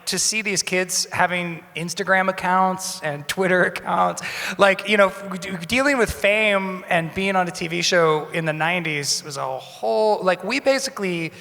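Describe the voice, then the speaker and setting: A man's voice: high-pitched, normal speed, creaky, bright, forceful tone. A man in his forties, an actor and director, speaking thoughtfully on a convention panel and restarting often. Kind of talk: panel talk. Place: convention hall panel stage. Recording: long reverb of a big hall.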